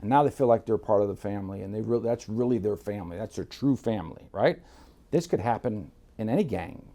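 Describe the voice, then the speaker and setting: A man's voice: on the low side, a little fast, dark tone. A man from Miami who tells casual stories as a guest, bluntly and with swearing, acting out the voices of others. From Miami, United States. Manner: blunt, swears freely, acts out quotes. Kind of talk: casual storytelling.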